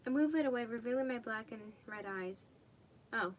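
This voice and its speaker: A woman's voice: on the high side, normal speed, slight background noise. A young woman reading fan fiction aloud casually, stumbling and correcting herself and tossing in swearing asides. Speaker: fanfic reader.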